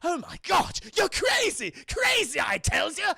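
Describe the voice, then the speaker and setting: A man's voice: very high voice, huge pitch swings, creaky, sharp tone, dry recording, clean studio sound, voice pushed up, full character voice. A man voicing a gleeful, theatrical male clown criminal who mocks everyone and breaks into cackles. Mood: gleeful mocking. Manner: gleeful, mocking, drawn-out cackles.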